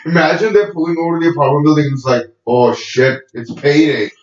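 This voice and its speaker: A man in a casual podcast chat, relaxed and full of fillers. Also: a little high, fast. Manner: relaxed, filler-heavy, says "like" a lot. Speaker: podcast co-host. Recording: roomy, distant, dull lo-fi sound.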